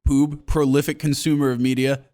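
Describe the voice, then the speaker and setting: A man co-hosting a podcast in casual chat, telling jokey, animated stories. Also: mid-range voice, a little fast. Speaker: podcast co-host.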